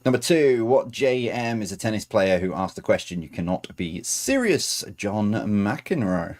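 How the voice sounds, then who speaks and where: A man's voice: on the low side, big pitch swings, measured pace, a little mellow. A man reading out quiz answers as host, adding chatty, self-correcting asides.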